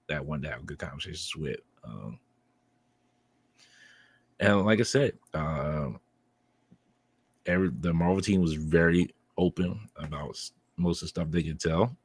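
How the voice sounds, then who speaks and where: Low-voiced, rambling podcast co-host man. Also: gravelly, slightly rough. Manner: rambling, filler-heavy, laughs while telling stories. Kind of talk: casual podcast chat.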